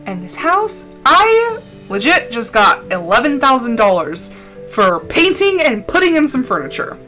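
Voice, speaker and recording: A woman streaming a game, chatting casually and rambling off on tangents in an expressive way. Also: high voice, unhurried, faint music behind. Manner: animated and expressive. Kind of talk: casual gameplay chat.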